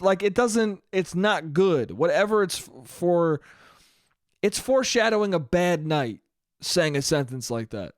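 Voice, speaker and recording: A man's voice: sits high, animated, measured pace, no echo, studio quality. A young man hosting a solo comedy podcast, profane and rambling, often cutting himself off mid-sentence. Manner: profane, rambling, self-interrupting. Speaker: podcast host.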